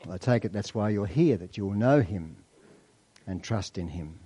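Dark-voiced man preaching. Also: fairly low pitch, expressive, slightly rough. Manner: expository preaching with rhetorical questions, slowing for emphasis. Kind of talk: sermon.

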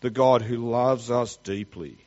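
A male preacher delivering a sermon at an unhurried, deliberate pace. He swings from ringing declarations down to hushed asides. The recording is dull and a little lo-fi. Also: mid-range voice, fairly even intonation. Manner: emphatic, swings between loud declarations and quiet asides.

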